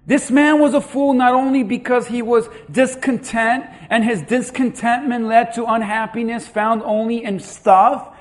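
A man with a very high voice preaching a sermon. He swings from hushed, quiet lines up to loud, emphatic peaks and acts out the people he quotes in his own voice. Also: fairly even intonation, unhurried, few pauses. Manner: preaching with dramatic swings in loudness and acted-out quotes. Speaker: pastor.

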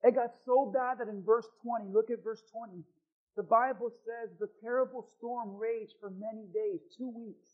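A man preaching a sermon as pastor, swinging from loud, emphatic lines to hushed ones. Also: very high-pitched, fairly even intonation, moderate pace. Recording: thin phone-like sound.

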